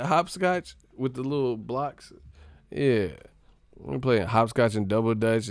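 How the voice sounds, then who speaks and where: A man's voice: medium pitch, darkish tone, dry recording, clean studio sound. A man from California hosting a casual live stream, joking, swearing and laughing a lot as he reacts to his chat. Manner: joking, laughing often, profane, mimics voices.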